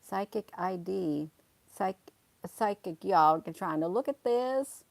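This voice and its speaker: A woman's voice: mid-range voice, animated, slow, creaky, dry recording. A woman, hosting a casual livestream and talking emphatically and repetitively to viewers, calling them honey. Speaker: livestream host.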